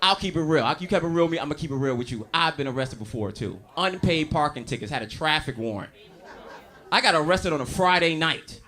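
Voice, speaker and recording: A man doing a stand-up comedy set, telling loud, animated, profane stories and working the crowd. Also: fairly high pitch, brisk. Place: comedy stage before a live audience. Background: audience laughter.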